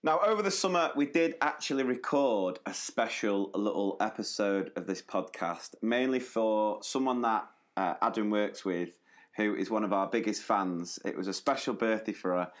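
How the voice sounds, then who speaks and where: A man co-hosting a podcast in relaxed, chatty talk, often laughing along with his partner. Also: lowish voice, moderate pace. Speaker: podcast co-host. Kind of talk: casual podcast chat.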